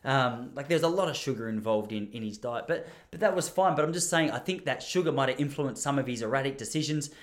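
An Australian man in his thirties telling rambling, animated anecdotes in casual chat. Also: medium pitch, fast talker, few pauses. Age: 30s. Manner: rambling, animated, laughs while telling stories.

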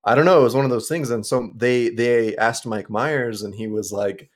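A man's voice: mid-range voice, fairly even intonation, moderate pace. A young man co-hosting a podcast in casual chat, rambling with lots of filler words and the odd swear. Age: young adult. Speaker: podcast co-host.

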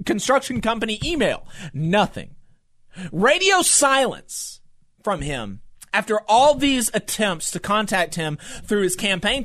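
A talk radio host with a drawl delivers angry political commentary. The voice swings widely in pitch and piles up repeated phrases with impassioned, ranting force. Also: fairly bright tone. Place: radio studio.

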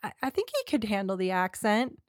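A woman's voice: medium pitch, very animated, fairly quick, no room sound, clean studio sound. A woman co-hosting a casual film podcast, chatty and rambling, with frequent restarts and laughter. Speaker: podcast co-host.

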